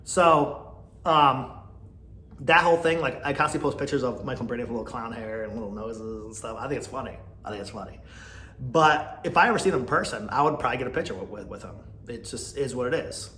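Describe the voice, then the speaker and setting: Chatty man ranting in an echoey room. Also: quick pace. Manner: chatty and gossipy, swinging between loud outbursts and mumbled asides; mocking, mimics others in a high whiny voice. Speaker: podcast host. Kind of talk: casual solo podcast rant. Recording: echoey room with faint background noise.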